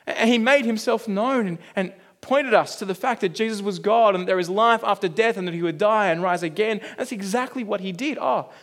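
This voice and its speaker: A male preacher gives an earnest, conversational sermon. His voice sits high for a man. He leans on rhetorical questions to draw in his listeners. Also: a little fast, hardly any pauses, a bit bright.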